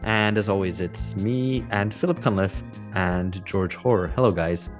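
A man's voice: sits low, a little slow, music in the background. A man hosting a podcast, opening the episode with a friendly welcome and introducing his co-hosts in a casual chat. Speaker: podcast host.

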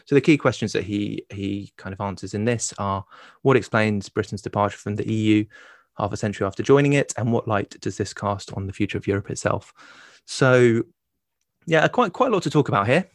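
A man co-hosting a podcast from home, introducing the topic in a hesitant way with many pauses and restarts and some dry humor. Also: fairly low pitch, expressive, no room sound. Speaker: podcast co-host. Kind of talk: casual podcast discussion. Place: home in London.

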